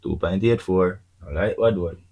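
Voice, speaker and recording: A man's voice: low voice, moderate pace, dark tone, poor audio. A Jamaican man hosting a podcast, chatting casually in patois and often checking in with "you see me". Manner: patois-laced, rhetorical, keeps asking "you see me". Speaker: podcast host. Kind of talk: casual chat.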